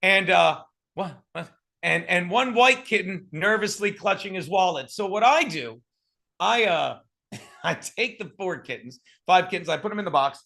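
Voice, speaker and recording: A man with a high, bright voice tells a loose comic story over a video call. He rambles, jokes and restarts often, in a casual storytelling style. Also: lively intonation, normal speed, gravelly. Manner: rambling, joking, many fillers and restarts. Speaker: guest storyteller.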